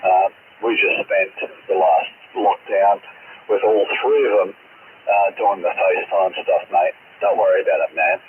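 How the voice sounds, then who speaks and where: An Australian man talking on CB radio, earnest and reassuring, calling everyone mate. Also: sits low. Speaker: CB radio operator. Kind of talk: casual radio chat. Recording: hissy, tinny radio transmission.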